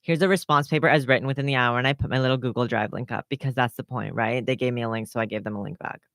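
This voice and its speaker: A vlogger telling the story of an online fight in a heated, profane rant. The voice is smooth and clear, with a dry sound and no room echo. Medium pitch throughout. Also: fairly even intonation, very fast, a bit bright. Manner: reads out online comments in acted voices. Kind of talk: casual vlog rant.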